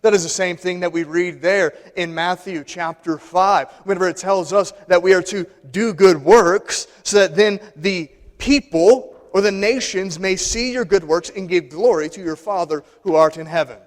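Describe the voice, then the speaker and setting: A man's voice: high voice, moderate pace, few pauses. A man preaching a sermon in a church, emphatic and repeating phrases for stress. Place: church sanctuary. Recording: long hall reverb.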